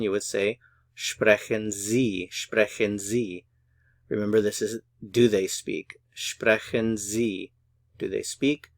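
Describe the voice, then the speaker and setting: A man teaching a beginner language lesson, patiently repeating each phrase slowly and carefully. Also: fairly low pitch, creaky, dry recording. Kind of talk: slow, syllable-by-syllable pronunciation lesson.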